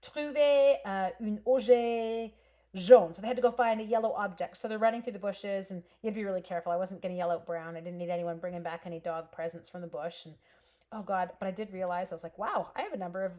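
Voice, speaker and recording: A woman's voice: medium pitch, fast, mellow, dull audio. A woman in her forties from Canada hosting a casual live stamping stream, telling a long story while cutting paper and answering viewers by name.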